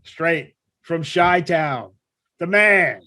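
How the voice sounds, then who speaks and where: A man hosting a comedy show on a club stage, announcing comics with drawn-out, showy introductions. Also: a little high, animated, bright, forceful tone.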